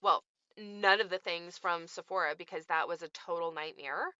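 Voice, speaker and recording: A woman's voice: lowish voice, normal speed, bright, forceful tone, no room sound, muffled recording. A woman who owns a small shop, ranting casually to camera with exasperation, acting out bits of dialogue. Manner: exasperated, storytelling with mimicked dialogue.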